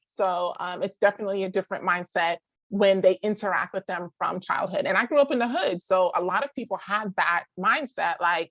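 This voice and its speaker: A woman's voice: mid-range voice, a bit bright, no echo, muffled recording. Woman in her thirties, chatty parenting talk, many "like"s, close dry sound. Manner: chatty, full of "like" and quick restarts; laughs often and acts out others' voices. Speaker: parenting speaker. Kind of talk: casual talk to a live group.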